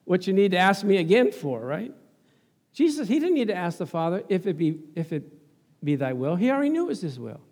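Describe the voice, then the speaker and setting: A man's voice: high-pitched, fairly quick. A man preaching a sermon in a church, laughing often and calling out to the congregation. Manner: laughing, animated, talks back to the congregation. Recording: long church reverb.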